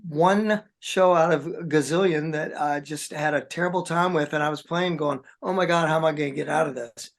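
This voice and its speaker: A man's voice: fairly high pitch, fairly even intonation, fairly quick, hardly any pauses. A man, a rock drummer, telling long rambling stories in a casual interview chat. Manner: rambling, chatty storyteller, says man and dude a lot.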